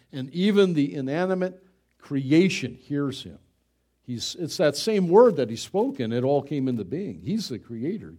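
Earnest preaching man, mellow voice. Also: mid-range voice. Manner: earnest, emphatic preaching with rhetorical questions. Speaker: pastor. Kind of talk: sermon.

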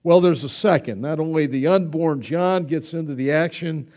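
A middle-aged male pastor preaching a conversational sermon, exuberant and animated, with chatty asides to the congregation. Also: fairly high pitch, moderate pace.

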